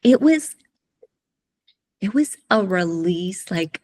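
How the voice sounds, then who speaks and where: A middle-aged woman telling a personal story in an interview, soft-spoken, halting and emotional. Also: mid-range voice, lively intonation. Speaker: guest, coach.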